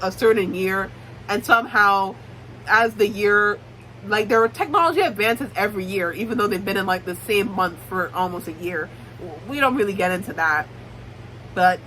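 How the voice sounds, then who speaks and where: A woman's voice: medium pitch, sharp tone, slight background noise, low-quality recording. A young woman giving a casual, blunt, swear-heavy recap of a book series. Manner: blunt, profane, joking commentary. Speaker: book YouTuber.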